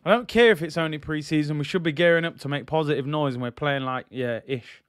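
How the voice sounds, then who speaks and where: A man's voice: on the high side, quick pace, clean tone, no room sound. Exasperated young man, dry close sound. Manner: exasperated, sarcastic, repeats himself. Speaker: football channel host. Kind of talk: live watch-along commentary.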